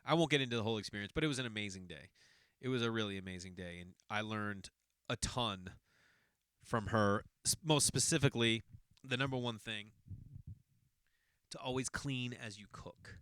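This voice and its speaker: Bright, clear-voiced man telling a rambling story. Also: on the low side, moderate pace, long pauses, no echo, clean studio sound. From Boston area. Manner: rambling, self-correcting, conversational. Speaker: podcast host. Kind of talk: casual storytelling monologue.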